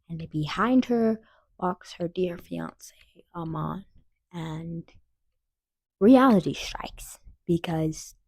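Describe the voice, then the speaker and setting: A young woman casually recapping a film plot in a chatty, animated way, with fillers and asides. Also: fairly low pitch, no room sound. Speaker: film reviewer.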